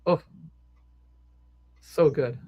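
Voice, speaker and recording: A woman's voice: very slow, mellow. A woman hosting an interview, effusive and full of praise for her guest. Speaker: host. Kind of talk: casual interview.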